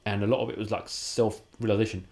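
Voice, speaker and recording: A man talks quickly in a fairly low voice. He tells candid stories from his own life and slips into the voices of the people he quotes. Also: fairly even intonation, vocal fry, a little mellow. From London, England. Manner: casual, acts out quoted dialogue in his stories. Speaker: podcast guest. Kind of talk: candid personal storytelling.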